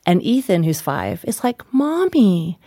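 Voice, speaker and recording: A woman in her thirties, a guest author telling lively anecdotes in an interview, often laughing and acting out voices. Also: medium pitch, normal speed, no echo, studio quality. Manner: animated, laughing, acts out quoted voices. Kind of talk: conversational interview storytelling.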